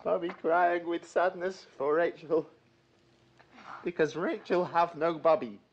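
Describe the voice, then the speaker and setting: An actor playing a childlike, simple-minded man who speaks in slow, broken sentences. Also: fairly high pitch, dull audio, background noise, pitched above the performer's own voice. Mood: plaintive. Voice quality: halting, broken speech.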